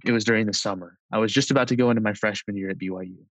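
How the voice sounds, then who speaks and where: Guy in his 20s telling a story from his life, lowish voice, super casual, lots of "like", dry close sound. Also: steady tone, very fast, dry recording, low-quality recording. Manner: conversational, with frequent "like" and soft laughs. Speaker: storyteller recounting a personal experience.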